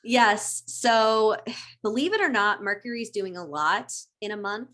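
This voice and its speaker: A woman talking casually on a podcast, animated and quick to laugh. She slips into little quoted voices as she explains things, with a middle-pitched voice. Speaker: astrology podcast guest. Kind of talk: casual chat.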